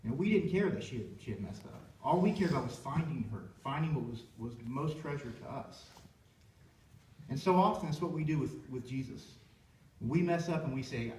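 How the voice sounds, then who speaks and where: A man's voice: mid-range voice, animated, a little fast, a little mellow, slight background noise. A young man, a worship leader, telling a heartfelt personal story in a rambling way with many restarts. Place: church sanctuary. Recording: echoey church room from far off.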